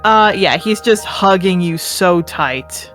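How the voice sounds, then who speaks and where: A woman running a tabletop game as game master, narrating the scene slowly. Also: fairly low pitch, lively intonation, fairly bright tone, faint music behind.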